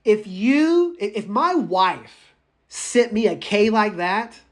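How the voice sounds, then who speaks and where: A man teaching a public speaking class, lecturing live in a chatty, animated way, talking to students by name and going off on tangents. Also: high-pitched, slow pace. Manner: goes off on tangents.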